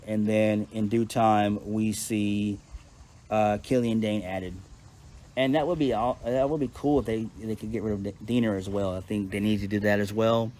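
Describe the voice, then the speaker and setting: A man with a fairly low voice talks through a casual, off-the-cuff review. He is blunt and profane and often starts a sentence twice. Faint background noise sits under his voice. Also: a little mellow. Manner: blunt and profane, with frequent restarts. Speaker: wrestling show reviewer. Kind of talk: casual unscripted recap.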